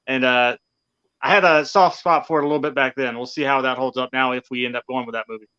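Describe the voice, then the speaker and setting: A male co-host talks fast in a bright, slightly high voice, rambling and hedging with frequent laughs. The sound is dull and lo-fi, like a cheap stream mic. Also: steady tone, clean tone. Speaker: podcast co-host. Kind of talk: casual live-stream chat.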